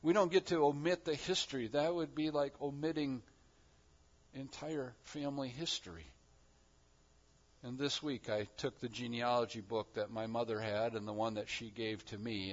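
A man preaching a sermon as pastor, moving between quiet reflective passages and loud, emphatic declarations. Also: medium pitch, steady tone, moderate pace, lo-fi sound.

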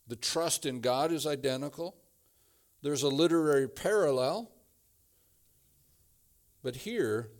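A man preaching a sermon, slow and emphatic, building to repeated phrases. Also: a little high. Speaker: pastor.

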